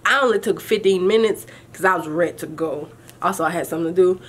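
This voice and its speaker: A woman's voice: on the low side, fast, a little hiss or hum. Chatty young woman telling a story. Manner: animated, chatty, addresses viewers as y'all, colloquial. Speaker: vlogger. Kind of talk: casual storytelling to camera.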